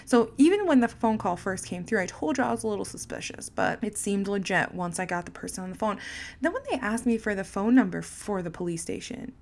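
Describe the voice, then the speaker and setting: A woman's voice: medium pitch, lively intonation, a little fast, vocal fry, darkish tone. A young woman hosting a podcast, telling a personal story in a casual, frank way, swearing freely and laughing at herself.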